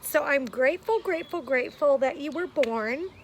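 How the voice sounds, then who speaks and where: A woman's voice: sits high, lively intonation, moderate pace. A woman outdoors giving an earnest, emotional birthday video message to a friend, with frequent ums.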